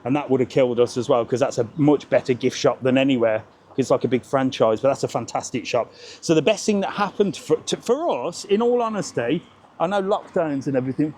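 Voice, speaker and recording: A man's voice: mid-range voice, animated, a little fast, darkish tone, a little hiss or hum. Male travel vlogger, casual walking live stream outdoors, cheeky banter, faint ambience behind. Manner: chatty, cheeky banter with passers-by. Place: outdoors on a seaside resort street.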